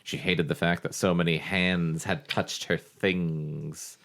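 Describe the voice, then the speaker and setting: A man co-hosting a comedy podcast, making crude quick quips and reading a novel aloud. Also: low-pitched, flat delivery, a bit bright. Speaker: podcast co-host. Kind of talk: comic book-reading podcast.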